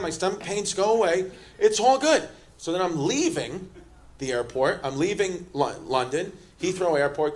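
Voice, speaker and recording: A man's voice: high voice, a little hiss or hum. A man doing brash, profane stand-up and teasing people in the crowd at a comedy club. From Queens, New York. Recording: live club with loud crowd laughter.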